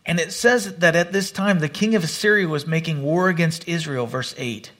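A man's voice: a little high, normal speed, fairly bright tone. A man preaching a sermon, retelling a scripture story and acting out the characters' lines.

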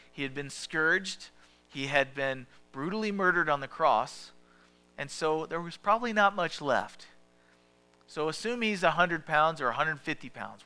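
A man preaching a sermon as pastor, talking conversationally and asking the listeners questions, often dropping to a soft hush. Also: fairly high pitch.

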